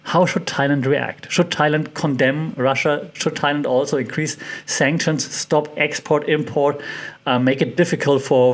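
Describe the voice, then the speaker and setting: A man hosting a solo podcast, thinking aloud with many fillers and restarts and putting questions to his listeners. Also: on the high side. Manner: curious, puts questions to listeners. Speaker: podcast host. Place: lives in Thailand.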